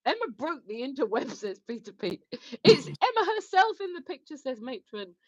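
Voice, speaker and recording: Giggly high-voiced woman. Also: very animated, normal speed, no room sound. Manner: giggly, reads viewer comments aloud. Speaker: livestream co-host. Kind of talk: casual livestream chat. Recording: dull lo-fi livestream audio.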